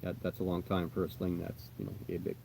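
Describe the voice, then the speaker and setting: An American man chatting casually on a livestream as a tarantula keeper, rambling and reassuring, often trailing off quietly. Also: low voice, monotone, quick pace, creaky, background noise. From United States. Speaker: tarantula keeper answering live chat.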